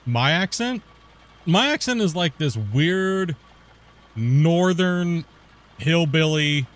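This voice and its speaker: A man's voice: on the high side, lively intonation, slow. A young man from the northern US border country with a Pacific Northwest accent and a hint of West Coast Canadian. He hosts a casual gaming stream, talks in loose slang, calls people bro and dude, and laughs a lot. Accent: Pacific Northwest US, with West Coast Canadian touches. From northern US near the Canadian border. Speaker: game streamer.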